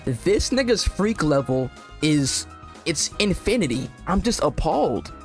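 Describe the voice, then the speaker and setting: A man's voice: on the high side, sing-song, a little slow, faint music behind. A young man streaming, reading out posts and reacting with crude, swearing, incredulous commentary.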